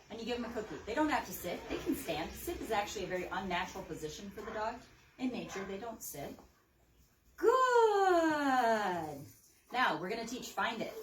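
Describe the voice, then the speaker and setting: Upbeat woman dog trainer, roomy sound. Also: a little hiss or hum. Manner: upbeat, praises the dog with sharp high calls. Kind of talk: hands-on training demo. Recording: roomy, mic at a distance.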